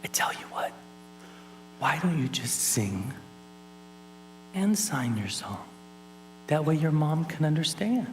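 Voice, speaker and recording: A man's voice: on the high side, big pitch swings, slow pace, pauses often, recorded from a distance, a little hiss or hum, poor audio. A man doing a soothing choir teacher. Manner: soothing, reassuring. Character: kind calming female choir teacher.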